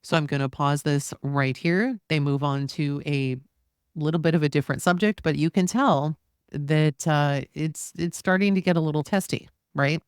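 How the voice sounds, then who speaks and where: A woman with a lowish voice reads a courtroom transcript aloud for a true crime podcast, taking both the questioner's and the witness's lines in a steady, even delivery. Between passages she drops into loose, casual asides. The sound is dry and close, with no room around it. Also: moderate pace, clear, resonant tone, no echo. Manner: reads both sides of a cross-examination in a plain, steady voice. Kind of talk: reading a trial transcript aloud.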